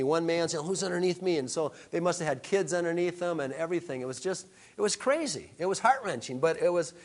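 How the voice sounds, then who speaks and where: A man preaching a sermon, telling stories with frequent halting restarts. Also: a little high. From Upper Midwest of the USA. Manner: halting storytelling with many restarts. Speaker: pastor.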